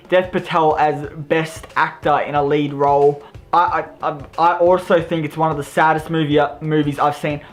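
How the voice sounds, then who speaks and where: Chatty Australian guy reviewing films. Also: a little high. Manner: enthusiastic, rambling, self-deprecating. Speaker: movie reviewer. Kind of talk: casual vlog review.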